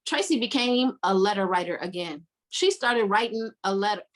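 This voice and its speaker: A woman hosting a casual book-club podcast, retelling scenes with lively acted-out quotes. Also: mid-range voice, moderate pace. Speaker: podcast host.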